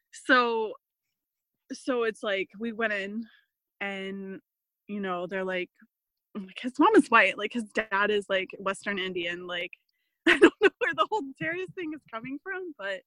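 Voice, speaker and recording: On a dry, low-quality recording, a medium-pitched woman in her thirties recounts family stories as a podcast guest. Her casual interview storytelling is chatty, loaded with fillers, and full of animated quotes.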